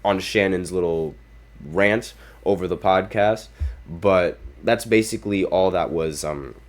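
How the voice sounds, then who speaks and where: A man's voice: low voice, a little slow. A man hosting a basketball podcast, giving opinionated casual commentary and reading quotes aloud. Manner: opinionated, reads quotes aloud, apologetic asides. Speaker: podcast host.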